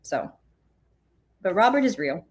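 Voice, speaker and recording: Woman guest on a podcast, rambly storytelling, lots of "like"s, medium pitch. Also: sing-song, a little slow. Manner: rambling, full of filler "like"s. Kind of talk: casual storytelling in an interview.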